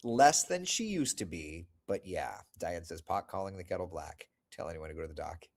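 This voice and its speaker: This low-pitched, animated man speaks at a moderate pace while hosting a laid-back livestream. Middle-aged and chatty, he reads out live chat comments and replies with self-deprecating humor, his voice not yet fully back after losing it.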